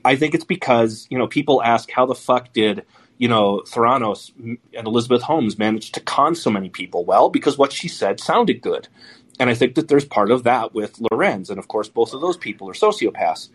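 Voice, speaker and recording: Husky guy hosting a podcast, blunt and swears a lot, lots of restarts. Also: mid-range voice, animated, fairly quick. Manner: blunt, profane, rambling with many restarts. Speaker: podcast host. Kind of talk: casual commentary.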